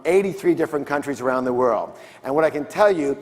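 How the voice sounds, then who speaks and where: This seminar speaker has a mid-range voice, talking at a quick pace with few pauses. On stage in a large conference hall he gives a motivational talk full of call-and-response with his audience, and long hall reverb colors the sound.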